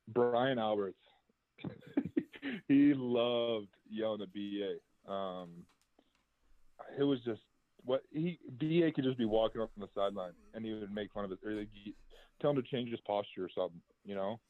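A man's voice: on the low side, normal speed, pauses often, no room sound. Brief: young male ex-athlete guest, easygoing and rambling, heard through a tinny call line. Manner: laid-back, chatty storytelling with many fillers. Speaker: former college basketball player, guest. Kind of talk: casual interview answers. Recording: tinny phone-like line, dry.

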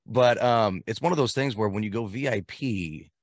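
A man's voice: lowish voice, normal speed, dry recording, clean studio sound. A man co-hosting a podcast in casual chat, laid-back and slangy with a joking tone. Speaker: podcast co-host.

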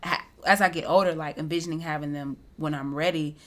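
A woman co-hosting a casual chat, relaxed and reflective. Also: low-pitched, quick pace. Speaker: podcast co-host.

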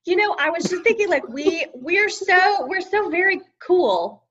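A woman's voice: very high voice, animated, a little slow, fairly bright tone, lo-fi sound. A woman co-hosting a podcast in casual chat, wry and joking. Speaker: podcast co-host.

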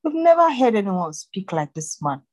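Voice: mid-range voice, very animated, normal speed, a little mellow, dry recording, clean studio sound, voice pushed up, lightly acted. Astonished temple guards, voiced by a reader. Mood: amazed. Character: amazed male temple police.

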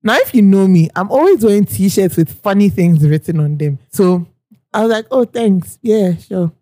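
Lively woman telling a story. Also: mid-range voice, normal speed, dry recording. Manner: animated, laughing often, acting out quoted people. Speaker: podcast co-host. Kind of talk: casual storytelling chat.

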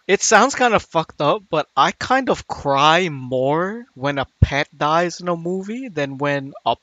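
Excitable higher-voiced man, laughing. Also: unhurried, no echo, highs cut off. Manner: excitable, swears, laughs a lot, says "like" often. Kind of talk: casual chat.

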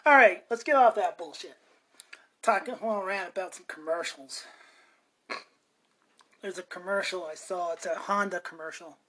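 A woman's voice: fairly low pitch, a little slow, pauses often, fairly bright tone. A woman hosting a podcast and ranting in a chatty, meandering way, often interrupting herself mid-sentence. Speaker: podcast host. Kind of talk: casual ranting monologue.

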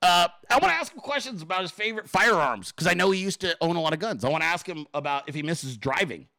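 A man hosting a casual solo talk show, excitable and rambling, swearing freely and full of fillers. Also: sits high, quick pace, vocal fry, no room sound. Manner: excitable, profane, rambling with many fillers and laughs. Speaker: podcast host.

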